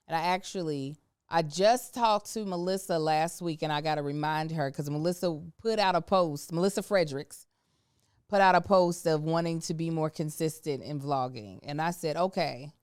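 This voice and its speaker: A woman co-hosting a podcast, telling stories in a candid, animated way with plenty of slang. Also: sits low, moderate pace, clear, resonant tone, no room sound, studio quality. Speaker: podcast co-host. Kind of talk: casual podcast chat. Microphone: studio microphone.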